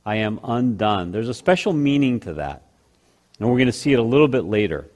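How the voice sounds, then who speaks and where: Very animated and mid-range in pitch, a preacher slows down to stress key phrases. His sermon swings between forceful volume and near-whispers.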